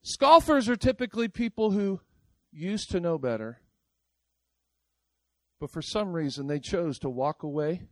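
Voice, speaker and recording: A man preaching a sermon in a lively, casual way, swinging between loud outbursts and quiet asides and talking straight to the congregation. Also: sits high, measured pace, long pauses, no echo.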